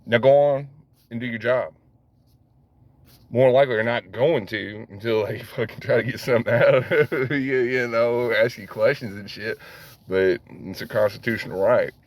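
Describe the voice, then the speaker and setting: A man's voice: mid-range voice, normal speed, dry recording. A man ranting casually to camera, rambling, swearing heavily and laughing at himself as he goes. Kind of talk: casual profane rant.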